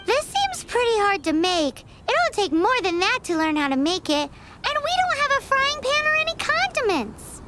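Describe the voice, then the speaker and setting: A woman's voice: very high-pitched, very animated, moderate pace, heavy background noise. A woman voicing a tiny floating female companion creature in a video game, bossy and indignant, who speaks of herself in the third person. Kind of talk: game cutscene voice acting. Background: background music.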